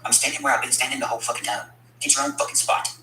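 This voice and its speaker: A man's voice: medium pitch, wildly swooping pitch, very fast, roomy sound, background noise. A man delivering a blunt, profane, combative rant at his critics, speaking as a country rapper. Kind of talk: angry profane rant to camera.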